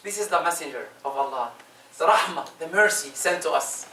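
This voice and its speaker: A man preaching a Friday sermon, emphatic, with his voice swinging between loud rises and soft drops. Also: on the high side, lively intonation, brisk, slight background noise. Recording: echoey room, distant mic.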